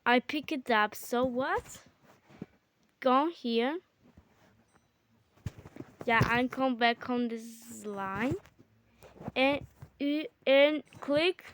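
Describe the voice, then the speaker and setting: A high-voiced woman chats through a game with her sibling, exclaiming and bickering. She talks at an unhurried, drawn-out pace even when she gets excited. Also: slight background noise. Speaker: gamer. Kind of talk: casual gaming chat with a sibling.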